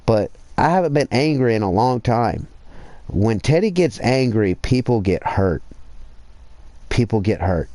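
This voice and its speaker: Man, streamer. Profane rambling rant, pushes louder for emphasis, dry close sound. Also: fairly low pitch, no echo. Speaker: livestreamer. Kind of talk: casual livestream rant.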